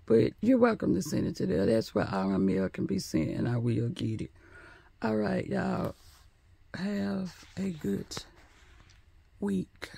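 A man's voice: sits high, very animated, unhurried, gravelly, warm tone, slightly rough. A man chatting sassily and profanely to his phone while walking through a store at night. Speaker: vlogger. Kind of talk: casual vlog chat.

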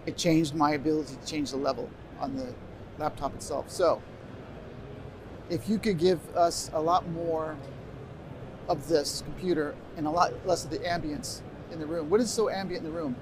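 A man's voice: a little high, steady tone, moderate pace. A middle-aged man presenting a live workshop on a convention stage through a stage microphone, chatting casually and giving directions to the sound crew. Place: convention stage before an audience. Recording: noisy live room. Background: room noise.

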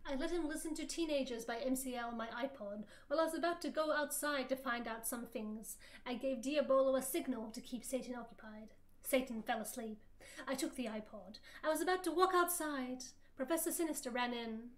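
A woman with a high voice reads fan fiction aloud as a livestream guest. Her delivery is mock-dramatic and full of laughter. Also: brisk. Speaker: guest co-streamer.

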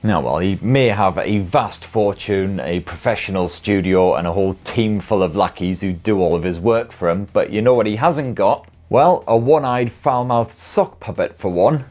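Sweary cheeky British man, low voice. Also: moderate pace, hardly any pauses, a little mellow. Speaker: tech video host. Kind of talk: casual chat reading viewer comments.

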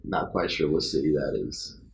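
A man hosting a comedy talk show in a brisk, formal showman manner. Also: very deep voice, creaky, slight background noise. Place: studio with live audience. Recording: echoey studio, faint ambience.

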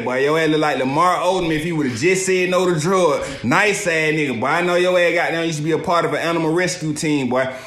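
Roaster, man, slightly high voice, roomy echo. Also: fairly bright tone. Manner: crude teasing. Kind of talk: insult roast.

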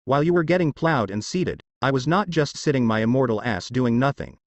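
A man voicing a calm, cruel, mocking king of the gods. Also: mid-range voice, a little fast, no room sound, lightly acted. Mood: scornful. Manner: calm, scornful taunting.

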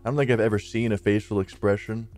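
A man's voice: lowish voice, fairly even intonation, quick pace, darkish tone, faint music behind. A man in his twenties, the channel's host, telling a personal story in a chatty, rambling way over gameplay. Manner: chatty, rambling, peppered with "like" and "dude".

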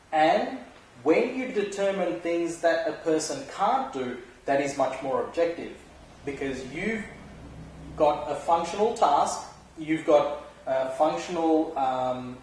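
A man's voice: a little high, a little mellow. Man, lecturer, conversational, rhetorical questions, distant mic, echoey hall. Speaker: sports physiotherapy lecturer. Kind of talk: recorded university lecture.

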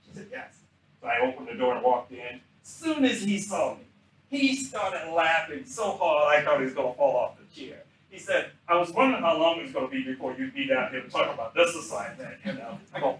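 A man's voice: medium pitch, fairly quick, recorded from a distance, slight background noise. Older man telling stories in an echoey room. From South Carolina. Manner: animated storyteller acting out quoted dialogue. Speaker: retired general giving a talk. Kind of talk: anecdotal storytelling talk. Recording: echoey room, speaker off mic.

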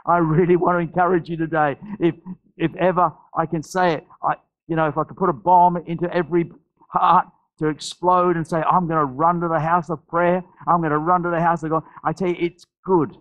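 A man's voice: flat delivery, fairly quick, dull audio. A male pastor from Australia delivering an impassioned sermon and altar call, repeating phrases and restarting sentences as he presses the point. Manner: impassioned, repetitive preaching with many restarts; drops to soft, low storytelling voice for anecdotes.

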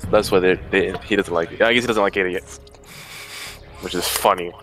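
A young man chatting casually with his team during a match, playful and thinking out loud as he laughs along. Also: deep voice, steady tone, brisk. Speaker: college esports player. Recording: game music behind the voice.

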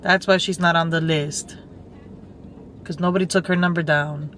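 A woman's voice: lowish voice, fairly even intonation, normal speed, over music. A young woman vlogging from her car, chatting casually and rambling, swearing freely and saying "like" a lot. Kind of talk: casual day-in-my-life chat. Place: in a car, driving. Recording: road noise from a moving car.

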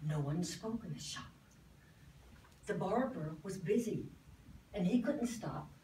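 Woman giving a slow theatrical recitation. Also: lowish voice, expressive, dark tone, roomy sound, distant mic, a little hiss or hum. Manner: theatrical, measured storytelling. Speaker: performer. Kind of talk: dramatic poetry recitation.

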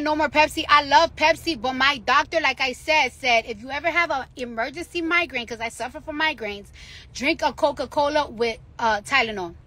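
A woman's voice: high voice, sharp tone. A woman, ranting on a live stream from her phone in a car, profane and emphatic, hammering the same points over and over. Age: late 20s. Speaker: celebrity livestreamer.

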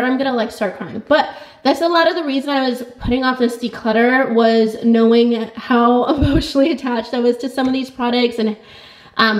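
A woman in her thirties chats through a beauty vlog, sentimental and rambling, full of fillers. Her voice sits a little high. The room around her is echoey. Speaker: beauty vlogger. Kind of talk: casual chat.

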